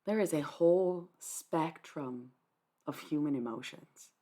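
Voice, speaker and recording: In a low-pitched, dark, unhurried voice, a young woman answers her livestream chat. Her replies are blunt, sarcastic and dismissive, with plenty of swearing.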